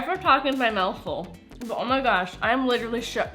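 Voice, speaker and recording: A woman's voice: on the high side, expressive, a little fast, bright, forceful tone, faint music behind. A woman chatting casually in a home cooking vlog, bubbly and gushing over her meals. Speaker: food vlogger.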